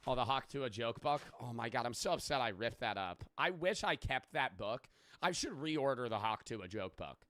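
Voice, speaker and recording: A man's voice: mid-range voice, animated, moderate pace, a bit bright, no echo. Rambling young streamer guy. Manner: rambling, swears freely, jokey. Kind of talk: casual live-stream reaction chat.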